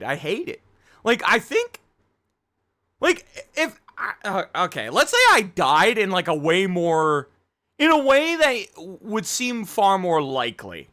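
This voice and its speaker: A man's voice: high voice, sharp tone. A young man chatting casually on a live game stream, rambling, self-critical and swearing often.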